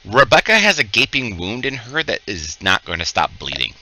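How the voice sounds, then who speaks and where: A man's voice: on the low side, sing-song, moderate pace, pushed and bright, no room sound. A man running a tabletop game as game master, chuckling as he calls out hits and makes rulings.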